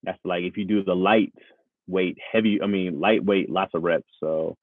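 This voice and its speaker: A man in his thirties chats with stream viewers in a low voice that swings widely in pitch, laughing often. The sound is tinny and phone-like. There is no room echo. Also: moderate pace. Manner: animated, laughs often, jumps into high voices. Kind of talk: casual live-stream chat with viewers.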